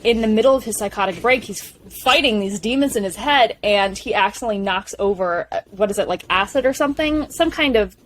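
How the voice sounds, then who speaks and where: A young woman co-hosting a podcast, eagerly retelling film scenes in a gushing, animated way. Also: mid-range voice, brisk, few pauses, a little hiss or hum. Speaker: podcast co-host. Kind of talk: casual film discussion chat.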